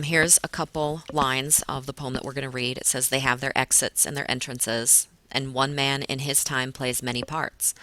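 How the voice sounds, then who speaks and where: A woman's voice: extremely low pitch, pushed and bright, dry recording. A woman teacher giving pre-reading notes on poetry to her class, explaining patiently with many fillers. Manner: patient explaining, stretches words to show stress.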